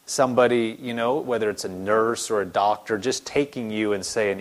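A man's voice: on the low side, normal speed, few pauses. A man preaching a sermon in an earnest, conversational way, acting out the voices he quotes. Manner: starts animated, later softens to a quiet gentle tone.

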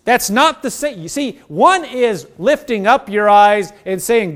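High-voiced man preaching a sermon. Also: lively intonation, fairly quick, few pauses. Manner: earnest, acts out prayers in quoted voices.

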